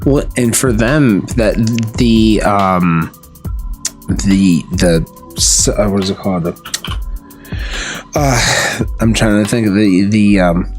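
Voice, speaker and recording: A man's voice: fairly low pitch, slow, pauses often, soft background music. A man hosting a gaming podcast, chatting casually and often searching for words with fillers. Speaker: podcast host. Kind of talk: casual interview chat.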